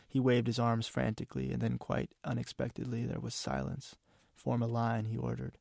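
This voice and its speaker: A man, an author, reading from his novel in a measured, somber way. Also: medium pitch, gravelly, a little mellow, no room sound, clean studio sound. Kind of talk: literary reading.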